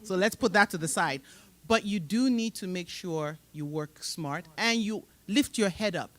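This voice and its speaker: A woman's voice: on the low side, a little slow, fairly bright tone. A woman with a mixed, hard-to-place accent, giving an emphatic motivational career talk on a conference stage and laughing often. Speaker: panel moderator at a professional summit.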